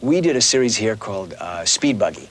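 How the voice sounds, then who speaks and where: Animated voice actor man telling stories. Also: lowish voice, brisk, slight background noise. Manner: animated storyteller, slips into voices. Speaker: voice actor guest. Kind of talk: casual interview chat.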